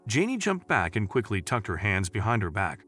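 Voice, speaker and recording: A man narrating a scripted story in a lively storytelling way. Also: fairly low pitch, moderate pace, soft background music.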